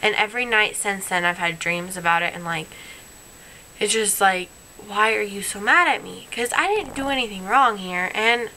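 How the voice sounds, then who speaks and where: Young woman, bright voice, rambling hurt vlog confession, faint hiss on the recording. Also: medium pitch, moderate pace, rough recording. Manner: earnest, rambling, upset. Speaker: vlogger.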